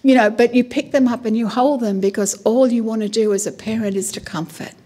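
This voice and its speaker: A middle-aged woman pastor preaching a sermon in a chatty, animated way, full of asides and "you know". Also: on the high side, a little fast, husky. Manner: conversational with frequent "you know".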